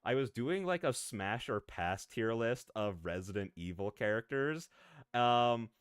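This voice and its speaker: Excitable rambling male streamer. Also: mid-range voice, a little slow, clean tone, no echo, clean studio sound. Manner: rambling and excitable, prone to tangents and laughter. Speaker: VTuber streamer. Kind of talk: casual live-stream chat, answering viewers.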